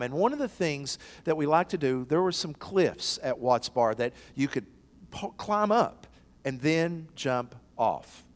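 A man preaching an emphatic sermon in a church, bringing quoted voices to life. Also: on the high side. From East Tennessee. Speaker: pastor. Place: church sanctuary. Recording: long hall reverb.

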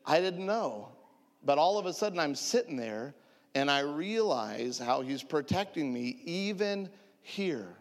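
Animated man in his forties, echoey hall. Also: fairly high pitch, unhurried. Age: 40s. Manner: animated, self-mocking, laughs often. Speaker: preacher sharing testimony. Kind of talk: humorous storytelling sermon.

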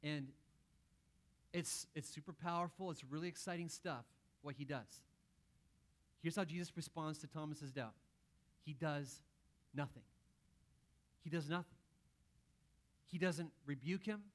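A man's voice: fairly high pitch, moderate pace, pauses often. Man preaching a playful sermon. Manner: conversational, playful asides, acts out quotes. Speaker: pastor.

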